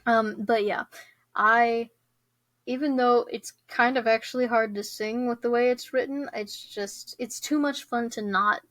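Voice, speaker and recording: A woman's voice: a little high, fairly even intonation, a little slow, a bit bright, no echo. A young woman hosting her own podcast in casual chat, bubbly and giggly, with many fillers and restarts. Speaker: podcast host.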